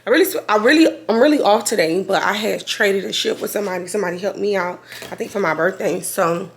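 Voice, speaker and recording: A woman, chatting casually to camera as a vlogger in a rambling way full of slang, her voice a little hoarse. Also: medium pitch, quick pace. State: slightly hoarse after being sick.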